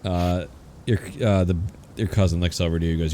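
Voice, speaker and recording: A man's voice: low voice, steady tone, warm tone, a little hiss or hum. A man narrating a tabletop game as game master, casual and full of fillers. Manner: casual, filler-heavy narration with quick quoted voices.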